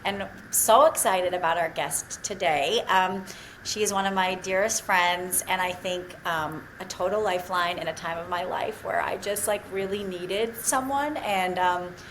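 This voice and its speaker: A woman's voice: on the low side, unhurried, slight background noise, low-quality recording. A woman from Australia with an American accent, hosting a casual podcast chat and talking in a loose, filler-heavy way. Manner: warm, chatty, heavy on fillers like "um" and "like". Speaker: podcast host.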